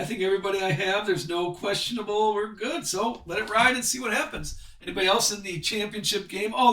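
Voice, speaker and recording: A man's voice: sits high, sharp tone, reverberant, far from the mic. A man hosting a live sports card break, chatting with viewers and reading off the cards as he opens packs. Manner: chatty, reads card names off quickly.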